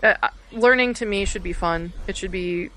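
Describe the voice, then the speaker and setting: A woman's voice: medium pitch, normal speed, fairly bright tone. A young woman, chatting casually and rambling through many fillers and restarts. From Texas. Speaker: podcast guest, art education student. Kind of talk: casual chat.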